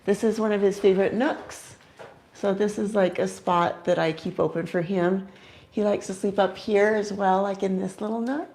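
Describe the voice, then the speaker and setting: A woman's voice: medium pitch, steady tone, moderate pace, a little mellow, breathy edge. Chatty young woman hosting a livestream. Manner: chatty, giggly, with many "like" fillers. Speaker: owl keeper and channel host. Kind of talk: casual livestream chat.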